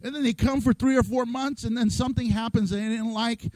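A man's voice: very high voice, steady tone, brisk, darkish tone, no room sound, rough recording. A man preaching a sermon in a playful way, acting out voices and laughing often. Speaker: pastor.

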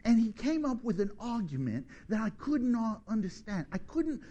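A man's voice: high voice, normal speed, muffled recording. A middle-aged man preaching a sermon, joking and acting out little voices as he goes. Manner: animated, joking, acts out voices.

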